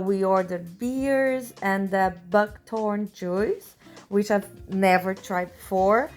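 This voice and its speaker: Slow, chatty woman vlogger. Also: mid-range voice. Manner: chatty, repeats words for emphasis. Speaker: travel vlogger. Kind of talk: travel vlog voice-over.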